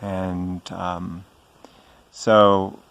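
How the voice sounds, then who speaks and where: A middle-aged man telling a personal story to camera in a gentle, reverent way, pausing often with ums. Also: sits low, flat delivery, creaky. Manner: slow and hesitant, frequent ums and pauses. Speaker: spiritual vlogger.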